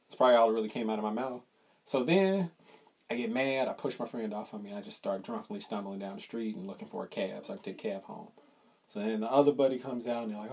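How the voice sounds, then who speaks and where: A young man co-hosting a podcast, telling a profane, animated story in casual chat and acting out the people in it. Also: lowish voice, quick pace, husky. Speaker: podcast co-host.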